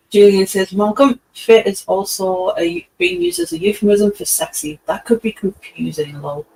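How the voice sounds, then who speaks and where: A man's voice: high-pitched, sing-song, moderate pace, gravelly, darkish tone, poor audio. Man reading out chat comments. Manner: reads comments aloud, chuckling. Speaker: co-host reading viewer chat. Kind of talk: casual livestream chat.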